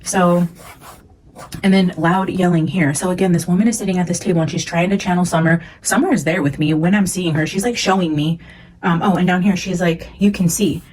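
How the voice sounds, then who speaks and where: Earnest rambling woman, low voice. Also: fairly even intonation, fairly quick, a little mellow, poor audio. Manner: earnest, rambling, many "like" fillers. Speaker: psychic medium. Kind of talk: casual monologue reading her notes.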